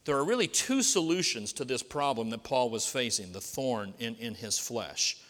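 The pastor's voice is medium-pitched, expressive, and fairly bright, moving at normal speed. He gives a conversational sermon laced with rhetorical questions, and the hall around him is reverberant.

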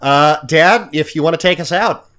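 A man's voice: fairly high pitch, moderate pace, bright, forceful tone. A man hosting a podcast with his father, chatting casually and joking in a mock-hurt, self-deprecating way. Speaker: podcast host.

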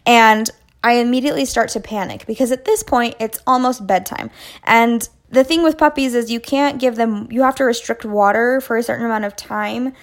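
A woman's voice: a little high, normal speed. Young woman telling a rambling story. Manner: animated, self-mocking and rambling. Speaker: podcast host. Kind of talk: storytelling monologue.

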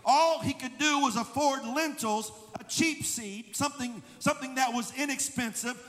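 High-voiced preaching pastor, man. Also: normal speed, in a large hall, soft background music. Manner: preaching, building to shouted emphasis. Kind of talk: sermon. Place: church sanctuary.

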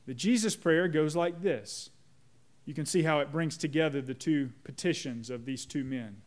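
A man preaching a sermon as pastor, slowing down to lead a prayer. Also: a little high, a little mellow. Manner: measured, slows down on prayer phrases; leads the congregation in repeating a prayer.

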